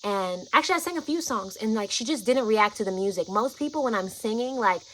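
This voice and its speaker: A woman vlogger telling a personal story, chatty and animated, often saying "like" and "y'all". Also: on the high side, a little fast, a little hiss or hum, low-quality recording.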